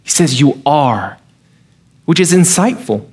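A man's voice: a little high, lively intonation, takes it slowly, a little mellow. A man preaching a sermon as pastor, emphatic, with touches of dry humor.

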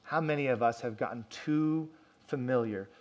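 A pastor preaching a sermon, telling a story and acting out quoted lines with rising and falling emphasis. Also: male voice, medium pitch, normal speed, a little mellow, highs cut off.

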